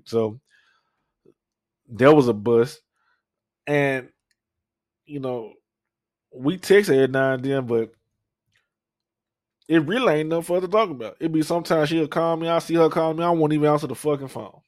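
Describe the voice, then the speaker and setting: A young man co-hosting a podcast tells a profane, rambling story in a casual way, full of fillers and restarts. His voice is a little high, his speed normal, and he pauses often. The sound is studio quality with no echo.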